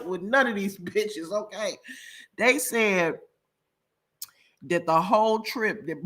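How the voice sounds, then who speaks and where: Unhurried and prone to long pauses, this mid-range female voice belongs to a casual live-stream reaction chat host. Her gossipy, dramatic talk is full of frequent loud laughter, veering from loud outbursts to quiet asides.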